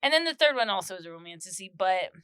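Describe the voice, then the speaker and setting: A young woman chats and teases in a relaxed conversation and laughs often. Her voice is bright and crisp, slightly higher than most women's, and it sounds dry and close to the mic. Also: fast talker, no echo. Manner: chatty, laughs often, teasing. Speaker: podcast co-host. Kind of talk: casual sibling chat.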